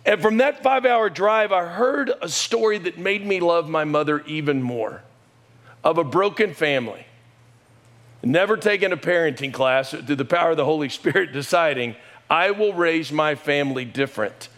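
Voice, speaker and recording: A man's voice: expressive, normal speed, fairly bright tone. A middle-aged man preaching a sermon, telling an emotional family story and lifting his voice when he quotes people. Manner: storytelling, emotional, rises in pitch and volume when quoting. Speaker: pastor.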